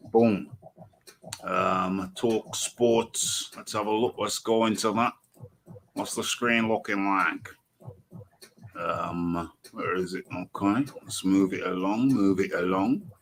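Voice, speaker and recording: Low-voiced man hosting boxing talk. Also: a little hiss or hum. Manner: animated, exclaims, thinks aloud while searching online. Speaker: host. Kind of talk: live online boxing talk show.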